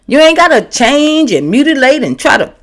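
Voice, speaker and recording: A woman's voice: high voice, normal speed. A woman, giving a candid, sassy motivational talk to the camera and acting out the voices she quotes. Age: 50s. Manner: sassy, animated, slangy, acts out quoted voices. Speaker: vlogger and comedian.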